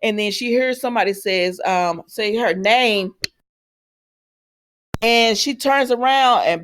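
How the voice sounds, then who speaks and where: A woman casually recapping a soap opera episode as host, rambling and chatty, with frequent ums and restarts, and quick asides as she paraphrases each character's lines. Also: a little high, a bit bright.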